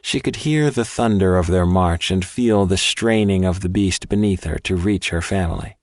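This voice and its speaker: A man narrating an audiobook in a measured, even reading. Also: low-pitched, no echo, studio quality. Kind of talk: scripted narration.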